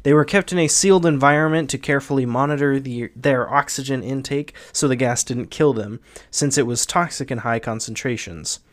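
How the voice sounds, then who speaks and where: A man's voice: mid-range voice, a little fast. A young man hosting a podcast, bantering with casual profanity and reading a creepypasta aloud. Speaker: podcast host.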